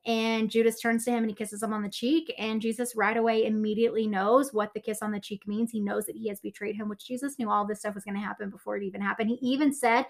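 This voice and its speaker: A woman's voice: flat delivery, quick pace, creaky, hardly any pauses. A young woman giving a casual Bible talk, chatty and filler-heavy, often asking "right?". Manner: acts out quotes in a lower voice. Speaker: Bible teacher.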